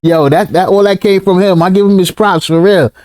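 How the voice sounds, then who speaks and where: A man with a high voice riffs on clips in casual reaction commentary. He is animated and slangy, calls his viewers y'all, and keeps breaking into laughter. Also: brisk. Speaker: crypto commentator.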